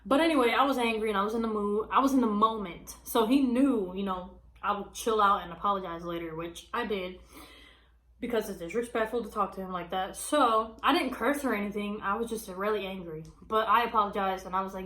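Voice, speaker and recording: A woman's voice: medium pitch, fairly quick, a bit bright, reverberant, rough recording. A woman telling a personal story to her viewers in a casual, chatty way, calling them y'all and using many fillers. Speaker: vlogger. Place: small room at home.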